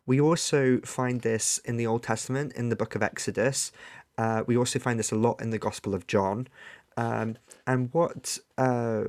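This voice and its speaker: A man talking casually and earnestly, thinking aloud as he explains a point to an interviewer. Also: mid-range voice. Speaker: guest discussing scripture.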